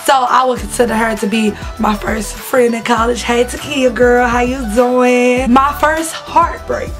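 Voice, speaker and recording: Over music, a Southern US woman in her 20s speaks unhurriedly, her voice a little high and her intonation fairly even. She's a vlogger casually telling candid stories to camera, chatty, slangy, and laughing as she goes.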